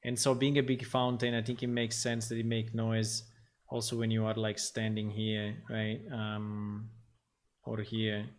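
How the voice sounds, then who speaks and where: A man chatting on a livestream while he works on a game, thinking out loud and wandering from point to point. He stops often for an um or a restart and takes his time over each thought. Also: fairly low pitch, completely flat delivery, measured pace, slight background noise. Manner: rambling and thinking aloud, many ums and restarts. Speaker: game developer streaming his work. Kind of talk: casual livestream talk while working.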